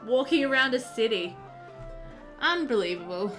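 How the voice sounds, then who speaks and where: A woman chatting casually on a live stream while she plays a game, excitable and full of fillers, answering her chat as she goes. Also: a little high, normal speed, soft background music.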